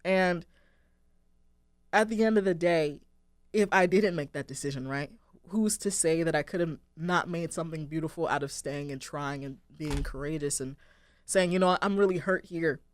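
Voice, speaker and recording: A woman's voice: low voice, normal speed, no echo. Earnest young woman musing on air. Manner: earnest, rambling, heavy use of "like" and "um". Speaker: radio show host. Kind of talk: reflective casual monologue.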